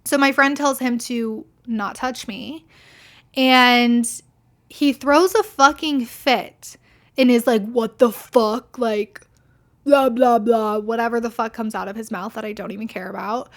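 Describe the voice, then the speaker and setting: A young woman talks straight to her podcast listeners in a casual, unscripted monologue. Her voice sits a little high, and she is blunt and indignant, cursing freely and filling her sentences with "like". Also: measured pace, a bit bright. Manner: blunt, heavy swearing, frequent "like"; indignant, venting. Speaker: podcast host.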